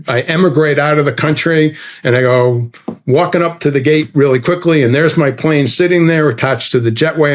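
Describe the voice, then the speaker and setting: Lively man telling travel stories. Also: mid-range voice. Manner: animated, acts out dialogue with quoted voices. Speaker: guest storyteller. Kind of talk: casual anecdote telling.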